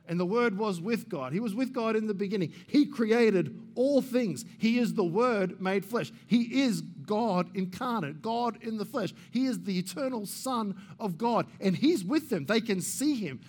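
A man preaching a sermon as pastor, earnestly asking his congregation questions and repeating words as he thinks aloud. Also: sits high.

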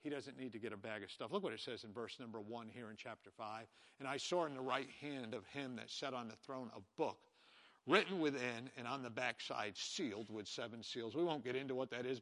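A man preaching a sermon with passion, swinging between hushed and loud, with frequent repeats and restarts. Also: medium pitch. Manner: repeats phrases and stumbles on restarts. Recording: echoey hall with long reverb.

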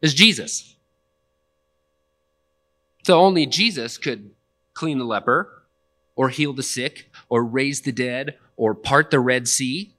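A man's voice: medium pitch, takes it slowly, long pauses, bright, forceful tone. A young man preaching a sermon in a conversational, plainspoken way, with casual asides. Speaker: pastor.

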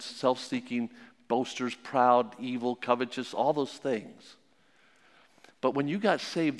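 A man preaching a sermon, telling a story with animated energy and dropping low and quiet when he drives the point home. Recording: long echoing hall reverb.

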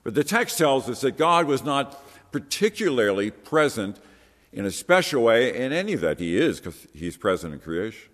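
A man's voice: mid-range voice, big pitch swings, moderate pace, fairly bright tone, in a large hall. A man preaching a sermon in an earnest, conversational way, with rhetorical questions to the listeners.

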